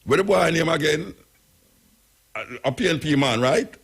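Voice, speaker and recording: A man's voice: fairly high pitch, lively intonation, normal speed, gravelly, a bit bright, breathy edge. A man with a Jamaican accent hosting a radio talk show, giving spoken commentary in patois with rhetorical questions and repetition.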